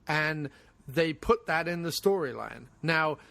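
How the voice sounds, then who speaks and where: A man co-hosting a casual podcast discussion, opinionated and animated, swearing freely as he argues his point. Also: a little high, measured pace, vocal fry. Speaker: podcast co-host.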